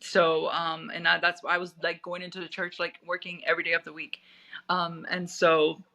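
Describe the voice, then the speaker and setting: Puerto rican woman guest, 30s, bright voice w/ lots of fry, rambly with restarts and fillers. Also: fairly low pitch, flat delivery, normal speed, low-quality recording. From Puerto Rico. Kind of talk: personal storytelling interview.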